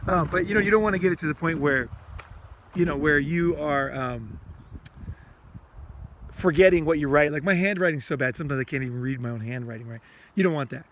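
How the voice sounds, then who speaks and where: A man's voice: a little high, a bit bright. Rambling man talking outdoors. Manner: loose, repetitive, swears often, acts out inner rants. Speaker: self-help podcast host. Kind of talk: casual rambling monologue. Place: outdoors, walking.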